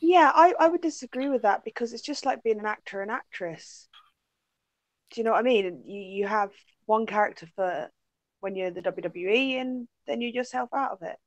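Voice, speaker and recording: A woman's voice: a little high, normal speed, dry recording. Chatty woman, dry close sound. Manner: chatty, searching for words. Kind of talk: casual chat.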